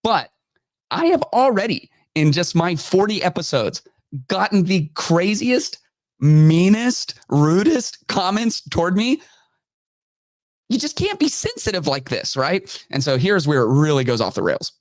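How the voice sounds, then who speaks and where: Animated mocking podcast host man. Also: high-pitched, a little slow, no echo. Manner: animated, mocking, acts out quotes. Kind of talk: casual commentary.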